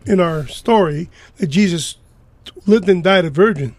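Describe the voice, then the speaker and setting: A man in a casual discussion, tossing in quick, joking remarks. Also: high voice, a little mellow, dry recording.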